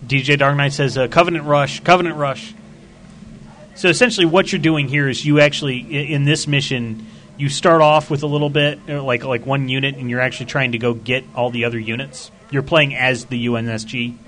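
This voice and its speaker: A man's voice: mid-range voice, fairly even intonation, brisk, a bit bright, a little hiss or hum. Male stream host, casual and rambling, reads viewer chat, laughs easily. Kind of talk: casual live-stream chat over gameplay.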